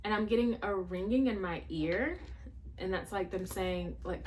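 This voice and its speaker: A woman's voice: mid-range voice, normal speed, very noisy. Chatty woman giving a tarot reading. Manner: chatty, thinking aloud with many fillers. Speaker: tarot reader. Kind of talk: casual spiritual tarot reading.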